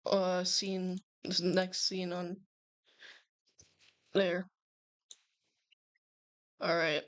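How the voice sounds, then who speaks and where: A woman hosting a casual live reaction stream, excitable and swearing freely in loose slang. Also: on the low side, drawn-out words, no room sound. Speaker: livestream host.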